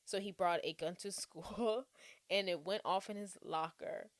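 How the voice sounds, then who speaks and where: A woman co-hosting a podcast, chatting casually about a film, animated, laughing often and breaking into song. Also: mid-range voice, unhurried, no room sound. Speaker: podcast co-host. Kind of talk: casual movie discussion.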